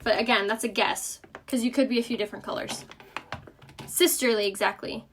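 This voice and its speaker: A young woman with a light Southern US accent talks through a makeup tutorial in a slightly high, bright-pitched voice. She sounds chatty and upbeat, and she breaks off often to answer viewers' questions in a relaxed, friendly way. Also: quick pace, slight background noise. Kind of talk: casual live makeup tutorial.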